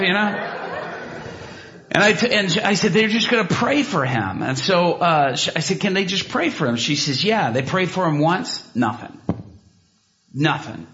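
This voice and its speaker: A man preaching and telling a story, animated, with many restarts and asides, jumping into loud, high bursts when he acts out what people said. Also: unhurried. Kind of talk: sermon storytelling. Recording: dull lo-fi sound.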